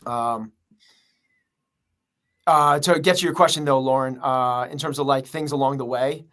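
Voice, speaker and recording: A gym owner and coach is a guest on a podcast interview, talking earnestly and rambling with lots of fillers. His voice is mid-range and fairly bright, and he keeps a measured pace.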